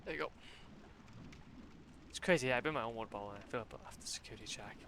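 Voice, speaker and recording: A man streaming gameplay with casual commentary, excitable and rambling, laughing at his own remarks. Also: medium pitch, very fast. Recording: noisy stream audio.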